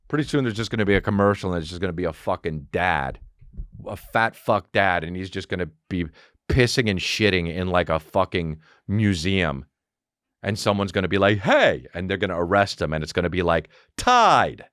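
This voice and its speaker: A man's voice: a little fast, dry recording, studio quality. A man in his thirties hosting a solo comedy podcast, swearing freely and ranting. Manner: profane, animated, riffs into mocking high-pitched character voices. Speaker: podcast host.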